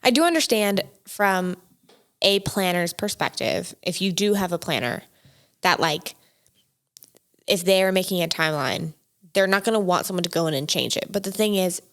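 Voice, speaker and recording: A woman host with a slightly low voice chats casually. She states her opinions directly and plainly. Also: animated, normal speed, fairly bright tone. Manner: frank, gives opinions directly. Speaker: podcast host. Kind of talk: casual chat.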